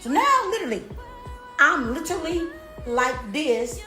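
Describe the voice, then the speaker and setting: Young female vlogger, high, slangy and profane storyteller, echoey room. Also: measured pace. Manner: slangy, profane and animated, frequent repeats. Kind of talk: casual storytelling to viewers. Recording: roomy echo with faint music.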